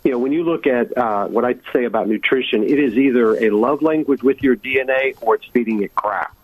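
A man's voice: medium pitch, a little fast, low-quality recording. A man who is a medical doctor, answering interview questions in an earnest, explanatory way and building up to emphatic points.

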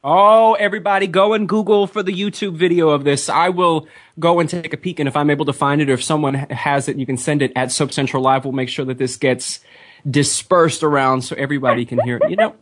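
A man's voice: a little high, fairly even intonation, fast, fairly bright tone. Chatty, rambling male radio host. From Philadelphia area. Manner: chatty, rambling, laughs often. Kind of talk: casual interview chat.

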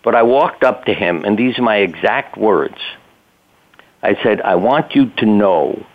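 A man's voice: fairly low pitch, lively intonation, measured pace. Older man telling stories over a phone. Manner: anecdotal, plainspoken, casual swearing. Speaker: physician and interview guest. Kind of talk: conversational storytelling. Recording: tinny phone line.

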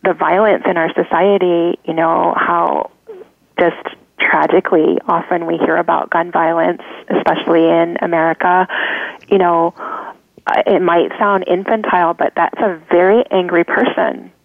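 Gravelly woman host on a phone line. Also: fairly low pitch, steady tone, normal speed, dry recording. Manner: talks things through with many restarts and fillers. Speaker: podcast host. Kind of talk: casual conversational advice. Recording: tinny phone-line sound.

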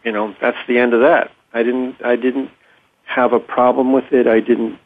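A man calmly explaining his clinical work in a thoughtful, measured way, pausing often with ums. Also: medium pitch. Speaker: interview guest, clinician. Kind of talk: conversational explanation. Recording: tinny phone-like audio.

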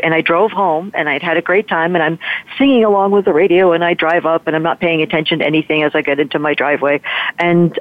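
A woman guest, a motivational speaker, telling a personal story in a lively way and acting out the voices of the people in it. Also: sits low, dry recording. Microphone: telephone. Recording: tinny phone line, dry.

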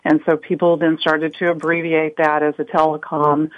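A woman consultant guest explaining her points on a panel in a relaxed way, with ums. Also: sits low, moderate pace. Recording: dull dry line.

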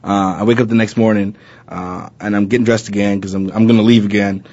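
A man's voice: fairly low pitch, brisk, dull audio. A man from Arizona and a former college football player, telling a personal story in an interview and acting out old conversations with lots of fillers. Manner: animated retelling, acting out past dialogue with many fillers.

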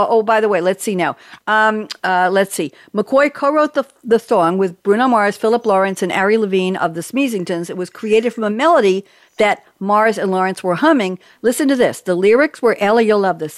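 A woman hosting a talk show, effusive and quick to laugh. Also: medium pitch, dry recording, studio quality. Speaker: show host.

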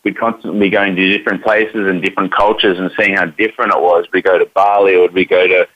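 A man's voice: low voice, flat delivery, quick pace, no room sound. An Australian man, an actor guest on an interview show, talking in an upbeat way and repeating words as he thinks. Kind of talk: interview answers. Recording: dull lo-fi, dry sound.

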